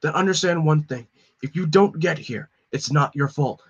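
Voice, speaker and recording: A loving middle-aged father, read by a man, talking quietly and earnestly. His voice stays gentle and low in volume. It sounds like a comic read aloud. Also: moderate pace, creaky, breathy edge, highs cut off. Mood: tender. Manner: soft, earnest, comforting.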